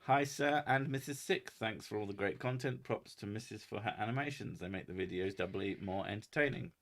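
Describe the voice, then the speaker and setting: English guy reading out chat on a stream, lowish voice, cracks jokes and swears a lot. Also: a little fast, a bit bright. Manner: jokey, swearing, reads comments aloud and laughs a lot. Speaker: host reading viewer chat. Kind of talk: casual livestream chat.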